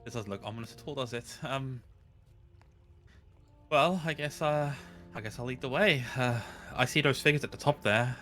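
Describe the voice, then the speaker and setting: A man playing a character in a tabletop game, talking in a lively, hesitant way with some in-character lines. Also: mid-range voice, moderate pace, faint music behind. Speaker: player.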